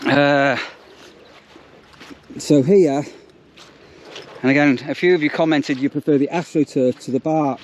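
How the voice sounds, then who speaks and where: Chatty campsite warden. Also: male voice, on the high side, fairly even intonation, measured pace, long pauses, a little mellow, a little hiss or hum. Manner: chatty, rambling, lots of ums and restarts. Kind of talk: casual vlog narration. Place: outdoors at a campsite.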